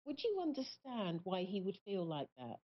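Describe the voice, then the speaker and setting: A woman hosting a live call-in psychic reading on the radio, speaking in a halting, searching way with many pauses. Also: medium pitch, very animated. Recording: muffled lo-fi stream audio.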